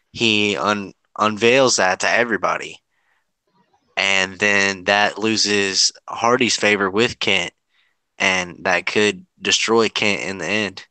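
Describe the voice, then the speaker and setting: A man co-hosting a podcast, giving measured, steady commentary on a contestant's strategy. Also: lowish voice, clean tone, dry recording, poor audio. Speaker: podcast co-host. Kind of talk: casual commentary.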